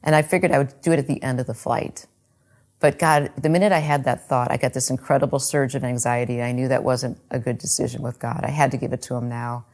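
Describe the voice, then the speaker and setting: A woman's voice: rumbling low, steady tone, fast talker, darkish tone. A middle-aged woman telling her faith testimony in an earnest, heartfelt storytelling way. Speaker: speaker giving a faith testimony.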